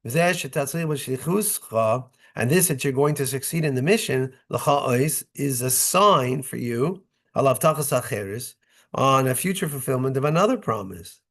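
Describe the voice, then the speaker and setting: A man's voice: medium pitch, animated, normal speed, fairly bright tone. A rabbi teaching a Torah study class, reading short Hebrew phrases and explaining them in English, often checking in with his listeners. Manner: conversational, checks in with "right?" and "okay?". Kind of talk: Torah study lesson, reading verses and translating.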